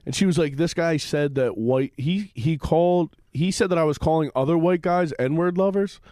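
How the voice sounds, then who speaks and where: A man's voice: on the high side, normal speed, no echo. A man, a comedian guest, telling stories in a casual podcast chat with lots of swearing and mimicked voices. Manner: profane, animated storytelling with mimicked voices.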